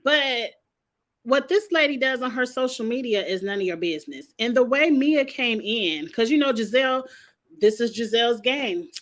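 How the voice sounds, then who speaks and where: A young woman hosting a casual reality TV recap vlog, talking bluntly, swearing freely and animated. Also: a little high, normal speed.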